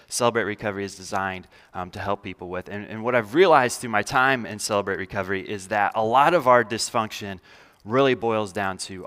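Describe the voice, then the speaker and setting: A man's voice: lowish voice, sharp tone, in a large hall. A man leading a church message in a loose, conversational way, with many fillers and self-deprecating humor. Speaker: pastor. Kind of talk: sermon. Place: large church hall.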